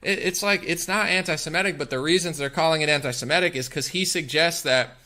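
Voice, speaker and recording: A man's voice: fairly high pitch, quick pace, pushed and bright. A man hosting a political commentary podcast, talking in a combative, emphatic rant. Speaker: podcast host.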